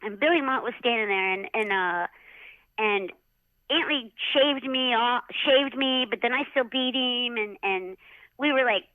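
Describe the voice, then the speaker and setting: A middle-aged woman, a former jockey, telling lively stories in a casual interview and acting out quotes with lots of "like.". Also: fairly high pitch, a little slow, dry recording. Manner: animated, acts out quotes in a raised voice, many "like"s. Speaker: retired jockey, interview guest. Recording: dull, dry lo-fi sound.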